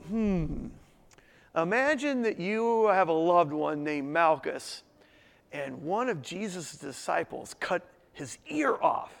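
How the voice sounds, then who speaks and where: A man leading a Bible study in a lively, conversational way, asking his listeners questions as he goes through the text. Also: sits high, gravelly, big-room sound. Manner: animated, conversational, asks the group questions. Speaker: Bible teacher.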